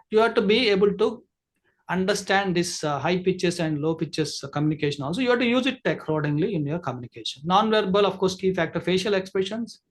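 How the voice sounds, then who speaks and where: A man who coaches people in communication teaches an online masterclass over a video call. He explains things at length, with plenty of fillers and restarts, in a high voice.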